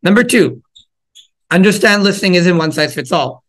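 A man leads a relaxed parenting workshop in a plain conversational way. His voice sits a little high for a man. Now and then he slips into quick acted lines for a parent or a child. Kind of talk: casual talk to parents.

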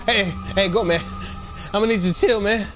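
A man hosting a gaming channel, giving excitable let's play commentary, yelling and trash-talking at enemies in the game. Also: high voice, fairly quick. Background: game music.

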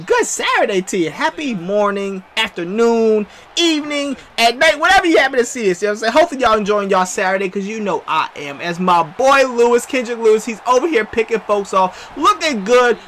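Young male gaming commentator, West Coast, high bright voice, loose slangy trash talk. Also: brisk, hardly any pauses. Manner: animated trash talk, slangy, shouting at opponents. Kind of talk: casual gameplay commentary.

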